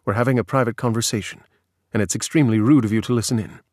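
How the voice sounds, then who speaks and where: A man's voice: medium pitch, fairly even intonation, rapid-fire, darkish tone, no room sound, clean studio sound, close to an everyday voice. A man voicing a sly, brash middle-aged English man pulling a prank, pushy and mock-offended, as he reads dialogue in an audio article. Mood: snappish.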